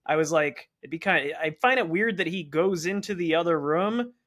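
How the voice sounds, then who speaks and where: A man's voice: a little high, normal speed, fairly bright tone. A man co-hosting a casual film podcast, chatting and quoting film dialogue with frequent laughs. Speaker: podcast co-host. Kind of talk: casual chat.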